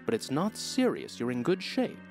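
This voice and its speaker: A woman putting on a low, lively voice as a brisk doctor who waves off his patient's fears. Faint music sits behind his lines in this radio drama. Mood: dismissive. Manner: brisk, reassuring, dismissive. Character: brisk, dismissive male doctor.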